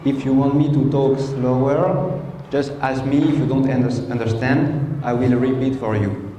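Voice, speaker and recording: A man's voice: medium pitch, fairly even intonation, moderate pace, mellow, muffled recording. A man from France speaking English with a French accent, giving a classroom presentation and checking in patiently with his students. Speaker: teacher. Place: large echoey classroom. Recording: roomy hall echo, faint noise.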